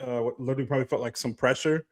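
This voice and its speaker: A man's voice: mid-range voice, fairly even intonation, quick pace. A man co-hosting a casual podcast, ranting animatedly with lots of swearing and laughter. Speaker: podcast co-host. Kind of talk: casual chat.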